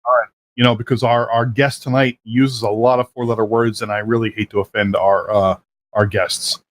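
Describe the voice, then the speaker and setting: A man's voice: lowish voice, flat delivery, moderate pace. A man hosting a live talk show, who chats casually, jokes and laughs often, and talks in loose restarts. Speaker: host. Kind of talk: casual chat. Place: South Florida.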